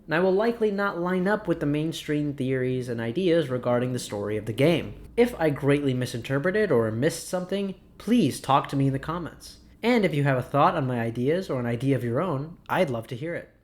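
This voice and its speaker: A man's voice: a little high, lively intonation, a little fast, hardly any pauses. Jumpy gaming YouTuber, a man. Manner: jumpy, easily startled, yelps and shrieks; repeats the same phrase over and over under his breath. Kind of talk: blind let's play commentary.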